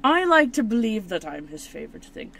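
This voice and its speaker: A woman chatting casually as she opens trading cards on camera, rambling and mocking herself, with sudden high excited squeals. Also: brisk, gravelly, slight background noise. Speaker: channel host. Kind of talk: casual card-opening video.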